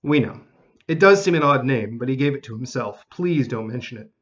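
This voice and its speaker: A man voicing a small male elf with a slightly squeaky, sing-songy voice, talking in an earnest, urgent way in a storybook reading. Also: animated, fairly quick, muffled recording, close to an everyday voice.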